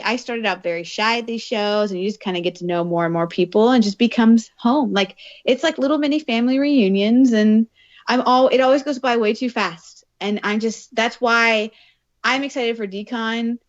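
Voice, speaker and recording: A woman co-hosting a podcast in casual chat, bubbly and quick, often repeating words as she gets going. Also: fairly high pitch, highs cut off. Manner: bubbly, fast-talking, repeats words when excited. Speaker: podcast co-host.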